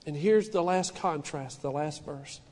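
A man's voice: a little high, a little slow, darkish tone, big-room sound. A middle-aged man, a pastor, preaching a sermon in an earnest, personal way, often restarting his sentences and rising in emphasis.

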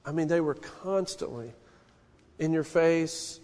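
A man in his forties preaching a sermon, telling stories with an animated, folksy manner. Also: on the high side, slow. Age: 40s. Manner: storytelling, animated, folksy asides. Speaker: pastor. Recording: long hall reverb.

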